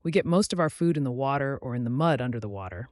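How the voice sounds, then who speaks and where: A man's voice: mid-range voice, lively intonation, quick pace, no room sound, clean studio sound, natural voice. A man voicing an anxious, distrustful female duck far from home, fretful and tearful.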